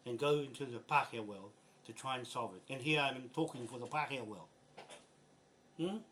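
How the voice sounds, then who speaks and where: Brisk and a bit bright in a mid-range voice, this older land rights activist from New Zealand vents in a video message full of swearing. He sounds blunt and exasperated, and slight background noise can be heard.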